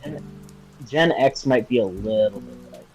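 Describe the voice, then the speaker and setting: A man's voice: on the low side, normal speed, darkish tone, soft background music, low-quality recording. A young man co-hosting a podcast, chatting casually in a hesitant, rambling way full of fillers. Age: young adult. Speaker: podcast co-host. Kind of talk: casual chat.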